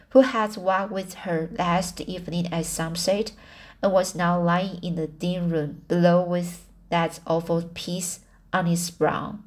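A woman reading a classic novel aloud as audiobook narration, slowly, often restarting words and correcting herself. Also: on the low side. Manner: slow, with frequent restarts and self-corrections. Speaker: audiobook reader.

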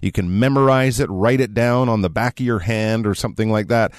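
A man co-hosting a radio English lesson, explaining phrases in an animated, explanatory way. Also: fairly quick, dry recording, clean studio sound. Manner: animated, explanatory, lively pitch swings. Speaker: English teacher co-host.

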